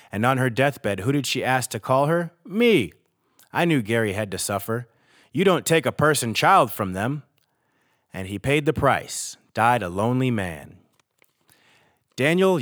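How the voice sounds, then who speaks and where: A man's voice: medium pitch, fairly bright tone, dry recording, clean studio sound. Man earnestly reading a letter aloud. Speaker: podcast host.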